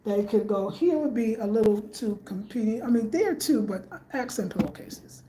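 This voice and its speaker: A woman with a slightly high, expressive, dark-toned voice speaks at normal speed while giving a tour of her living room for a home design vlog. She chats casually, muses aloud, and repeats herself frequently; the room is echoey, with faint room noise.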